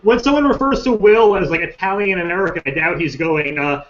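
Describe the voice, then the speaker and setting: A man's voice: high voice, a little fast, a bit bright. A male panelist giving blunt, casual opinions in a chat. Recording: dull lo-fi call audio.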